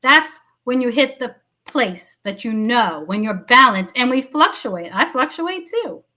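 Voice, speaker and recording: Bright-voiced emphatic woman minister. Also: fairly high pitch, animated, measured pace. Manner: emphatic, preachy, swears freely. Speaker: minister and show co-host. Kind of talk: casual spiritual chat.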